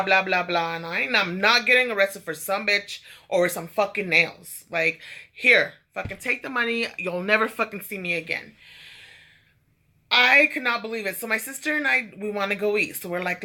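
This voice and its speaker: A woman's voice: medium pitch, normal speed, sharp tone. A woman vlogger telling a casual story, chatty and profane, full of fillers and asides.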